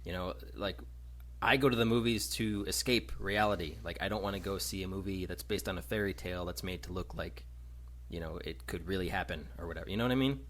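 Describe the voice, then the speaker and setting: A man's voice: sits low, fast, fairly bright tone. A man co-hosting a movie podcast, rambling and emphatic in casual chat and laughing often. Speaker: podcast co-host.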